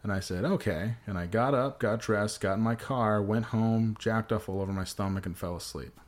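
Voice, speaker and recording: A podcast host and amateur comedian speaks briskly in a lowish voice. He tells long, profane, self-mocking stories about doing comedy on his casual show.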